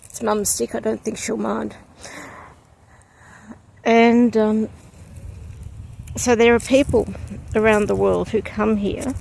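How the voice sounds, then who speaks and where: Reflective lady vlogging outside with a handheld cam, mellow and a bit gravelly, lots of ums. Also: fairly high pitch, little pitch movement, slow, pauses often, a little hiss or hum. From from outside Poland. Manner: reflective, chatty, with frequent ums. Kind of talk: casual vlog walk-through. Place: outdoor cemetery, breezy. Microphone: handheld camera.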